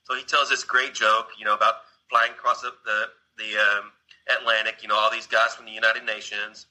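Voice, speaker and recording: A man's voice: on the low side, flat delivery, fairly quick, sharp tone, rough recording. A man casually retelling a film scene, rambling along with restarts and asides to his listener. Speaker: storyteller.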